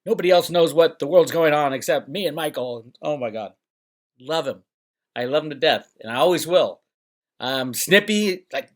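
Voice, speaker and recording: Speaking to camera from his Northern California home, this middle-aged channel host rambles sarcastically and imitates people in mocking voices. He talks at a moderate pace, with an expressive voice on the high side.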